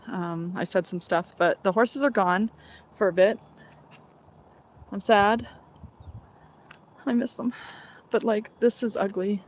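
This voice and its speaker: A woman on a walk outside streams from her phone, speaking slowly at medium pitch and pausing often. Her chat is casual and rambling, meandering between thoughts with the odd sigh.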